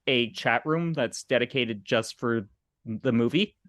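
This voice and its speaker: Relaxed male host, easy casual talk, middle pitch, dry close sound. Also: unhurried, no echo. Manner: relaxed, sharing fun facts. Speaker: podcast host. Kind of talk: casual chat.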